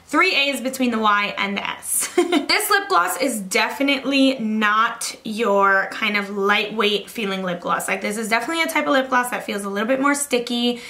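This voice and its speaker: Bright, gushing young woman vlogger. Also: fairly high pitch, normal speed. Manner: chatty and gushing, heavy use of "like" and "literally". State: slightly out of breath. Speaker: beauty vlogger. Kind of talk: casual makeup review vlog.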